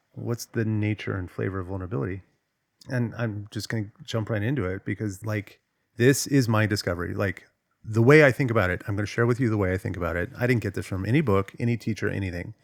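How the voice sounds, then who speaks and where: A man's voice: lowish voice, no echo, clean studio sound. A man coaching on vulnerability, talking casually and emphatically, acting out quoted voices. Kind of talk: casual talk to camera.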